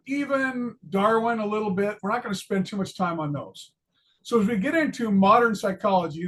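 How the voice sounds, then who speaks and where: A man's voice: sits high, a bit bright, slight background noise. An older retired man giving a casual psychology lesson, chatty and joking about himself, with many ums and restarts. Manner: chatty, self-deprecating, many fillers and restarts. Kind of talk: casual lecture video.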